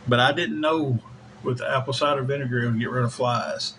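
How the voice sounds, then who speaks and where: A man's voice: medium pitch, steady tone, fairly quick, a bit bright, a little hiss or hum, poor audio. A man hosting a casual livestream, rambling in a folksy way and thanking viewers by name. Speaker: livestream host.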